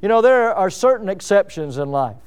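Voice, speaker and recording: High-voiced man preaching emphatically. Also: very animated, fairly quick, clear, resonant tone. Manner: emphatic preaching, asks the congregation questions. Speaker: pastor. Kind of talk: sermon.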